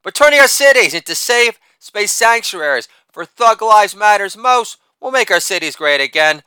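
Middle-aged man, satirical ranter, profane, high and very animated delivery. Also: moderate pace, smooth, no echo. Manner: profane and sardonic, with a shouted catchphrase. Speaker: writer reading his own piece. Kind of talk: satirical rant reading.

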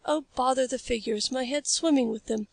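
A woman reading the lines of a spirited, impatient young woman in a storybook, in a brisk, questioning way. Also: sits high, vocal fry, darkish tone, dry recording.

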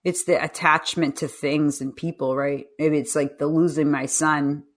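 A low-voiced woman in her fifties talks at a moderate pace. As a podcast guest who coaches and writes books, she tells stories energetically, acting out quoted dialogue.

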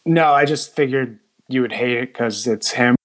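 A man's voice: mid-range voice, normal speed. A man co-hosting a movie podcast, enthusiastic and casually swearing. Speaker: podcast co-host. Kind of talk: casual chat.

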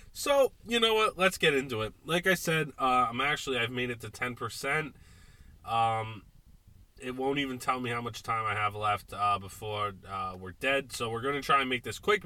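A tipsy man hosting a casual sports podcast, ranting and swearing in exasperation, with sudden loud outbursts between beers. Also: mid-range voice. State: drinking beer, tipsy. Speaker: podcast host.

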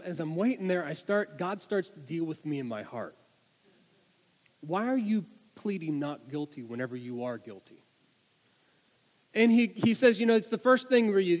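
Guy preaching a sermon, highish voice, lots of restarts, echoey hall sound. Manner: animated, retells a story with many restarts and repeated words. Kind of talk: sermon with storytelling.

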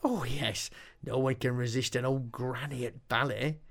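A man's voice: mid-range voice, fairly even intonation, unhurried, lightly acted. A man voicing a scornful old granny witch who mocks and taunts. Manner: scornful, mocking.

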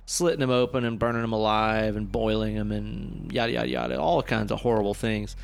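A man's voice: fairly low pitch, fairly even intonation, brisk, vocal fry. A man co-hosting a casual podcast about a horror film, chatty, swearing casually and overlapping his co-host. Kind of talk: casual movie discussion.

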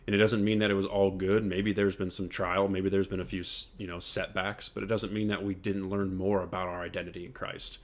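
A man's voice: low voice, level tone, fairly quick, hardly any pauses. A man co-hosting a casual faith podcast, speaking in an earnest, reflective way and laughing easily. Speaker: podcast co-host.

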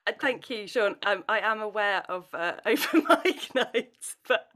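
A woman's voice: medium pitch, unhurried, a bit bright. A woman with a British accent hosting a podcast, speaking in a thoughtful, reflective way. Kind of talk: casual podcast conversation.

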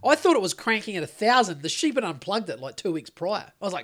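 A man's voice: high-pitched, big pitch swings, quick pace, fairly bright tone. An Australian man co-hosting a podcast, telling a long story in a rambling, sweary way with lots of restarts. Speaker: podcast co-host. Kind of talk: casual chat.

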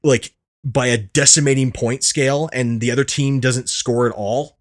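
A man's voice: medium pitch, fairly even intonation, normal speed. A young man co-hosting a podcast, telling stories in casual chat, laughing often and swearing. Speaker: podcast co-host.

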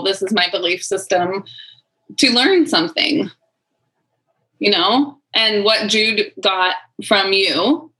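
Woman, bright tone, reflective chat, thoughtful, lots of "like"s and restarts. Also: mid-range voice, low-quality recording. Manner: thoughtful, heavy use of "like", trailing restarts.

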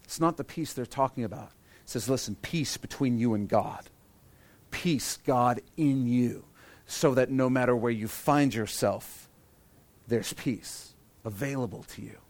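A man's voice: medium pitch, normal speed, a little mellow. A man preaching a sermon as pastor, earnest and repeating key phrases for emphasis.

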